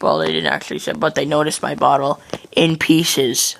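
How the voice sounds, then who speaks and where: A man's voice: mid-range voice, sing-song, moderate pace, gravelly, fairly bright tone. A young man hosting a game video, telling a rambling story with jokes and many self-corrections. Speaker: gaming channel host. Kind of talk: casual storytelling during a game.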